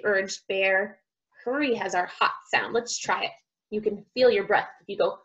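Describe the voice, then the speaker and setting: A woman speech teacher reading a picture book aloud to young children, sounding out words slowly and with exaggeration. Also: fairly high pitch, animated, a bit bright, lo-fi sound.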